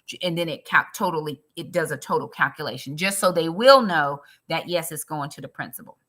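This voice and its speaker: Woman live-streamer, lowish voice with a sharp, bright edge, earnest and personal with her viewers. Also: brisk. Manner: earnest, talks straight to viewers; emotional about her faith. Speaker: budgeting live-streamer and ministry leader.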